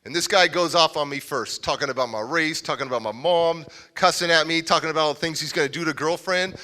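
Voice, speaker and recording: A motivational speaker with a slightly high voice talks fast from a civic center stage. Telling a story in his live speech, he animatedly performs the voices of its characters.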